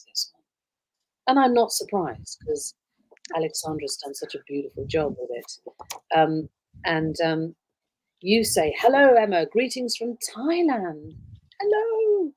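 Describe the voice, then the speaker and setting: A woman's voice: on the low side, husky, no room sound, poor audio. Chatty woman signing for fans. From Wales. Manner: warm, gushing, with many ums and soft trailing asides. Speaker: voice actress signing prints for fans. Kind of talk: casual livestream chat.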